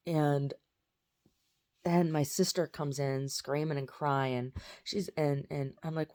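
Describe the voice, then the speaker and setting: A woman's voice: low-pitched, fairly even intonation, takes it slowly, darkish tone. A woman telling about a strange dream in a casual vlog, rambling with many fillers and restarts. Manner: baby talk to her pet dog. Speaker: vlogger.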